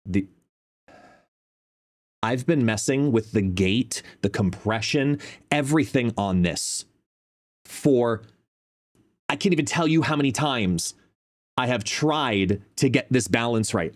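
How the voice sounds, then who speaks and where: A man hosts a live stream in casual chat, his voice sitting at an ordinary middle pitch. He talks into a desk microphone at a home gaming setup and explains as he goes, dropping quiet and then getting louder. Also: lively intonation, unhurried, pauses often. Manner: chatty, explains while testing his mic, shifts between quiet and loud. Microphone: desk microphone, no headphones.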